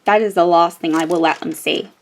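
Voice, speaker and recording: A woman's voice: lowish voice, a little fast. Chatty woman telling a story. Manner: animated storytelling, many fillers and restarts. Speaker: crafting vlogger. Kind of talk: casual chat while working on a craft.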